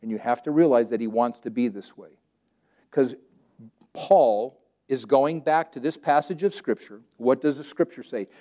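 With a medium-pitched voice, a Southern California pastor gives a sermon in plain talk. He keeps it animated and conversational, performing scripture verses as he cites them.

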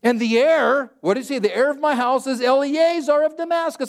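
High-voiced animated man preaching. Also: normal speed. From Southern California. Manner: animated, conversational preaching with dramatized scripture quotes; plain, everyday wording. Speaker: pastor. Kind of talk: sermon.

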